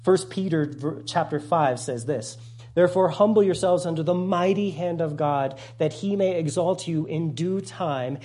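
Guy pastor preaching, chatty and animated, kinda husky voice. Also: on the high side, normal speed. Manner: conversational, animated preaching with asides to the congregation. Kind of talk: sermon.

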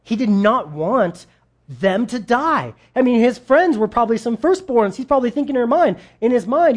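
A man preaching a sermon in a casual, conversational way, acting out quoted voices with big jumps in pitch and talking straight to his audience. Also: lively intonation, normal speed. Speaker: pastor.

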